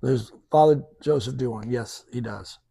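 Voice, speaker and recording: A man's voice: mid-range voice, moderate pace, gravelly, slightly rough, dry recording. A man telling a story as a podcast guest, acting out the dialogue he quotes. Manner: lively storyteller who acts out quoted dialogue. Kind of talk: conversational storytelling.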